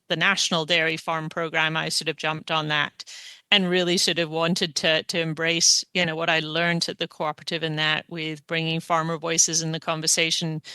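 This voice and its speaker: A woman's voice: deep voice, pushed and bright, clear, resonant tone, no room sound. A woman in her forties with a South African accent, a veterinarian introducing herself on a panel in a chatty way, with many ums. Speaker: veterinarian, guest.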